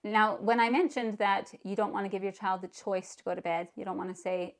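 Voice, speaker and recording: A woman's voice: mid-range voice, fairly even intonation, normal speed. A middle-aged woman giving parenting advice in a casual, earnest talk, repeating words and leaning on "you know". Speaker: parenting vlogger.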